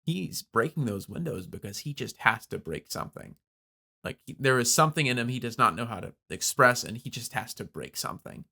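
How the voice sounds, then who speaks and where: A man's voice: medium pitch, expressive, brisk, gravelly, sharp tone. A man co-hosting a podcast, talking through a film's scenes in a thoughtful, casual way. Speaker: podcast co-host. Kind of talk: casual film discussion.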